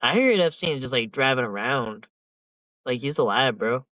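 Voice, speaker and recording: A man's voice: mid-range voice, expressive, normal speed, bright, forceful tone, dry recording, rough recording. A young man chatting casually as a podcast host, rambling and slangy with heavy filler and swearing. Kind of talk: casual chat.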